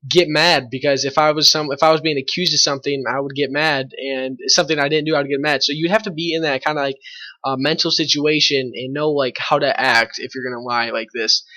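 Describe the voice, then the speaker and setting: Bright-voiced teen boy telling a story. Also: fairly high pitch. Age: teens. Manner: rambling, full of fillers and swearing. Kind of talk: casual storytime monologue.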